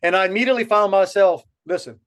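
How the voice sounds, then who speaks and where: Talking fast in a high, fairly bright voice, a South Louisiana podcast co-host works through a long, rambling story that keeps restarting. It's a casual storytelling chat.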